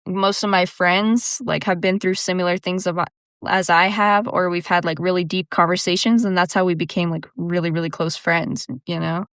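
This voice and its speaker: Young woman, solo podcast host, chatty and laughing, smooth clear voice, dry close sound. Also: fairly low pitch, little pitch movement, normal speed, fairly bright tone, no echo. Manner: chatty, laughs often, says "dude" and "like" a lot. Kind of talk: casual solo monologue.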